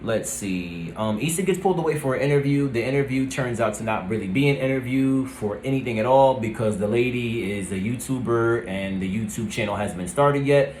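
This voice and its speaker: A man giving a casual, rambling recap of a TV episode, often pausing with "let's see" and "um". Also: medium pitch, darkish tone, a little hiss or hum. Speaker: TV review vlogger. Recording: roomy echo.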